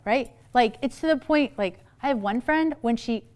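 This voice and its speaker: A middle-aged woman psychologist giving a playful, lively talk on parenting to an audience, with quick asides. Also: fairly high pitch. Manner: playful, quick asides, acts out quoted voices.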